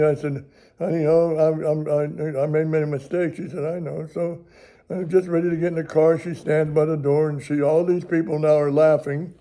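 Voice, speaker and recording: A man's voice: a little high, mellow. An older American man, a ministry television host, telling a rambling, chuckling story in folksy everyday grammar. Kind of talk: casual storytelling.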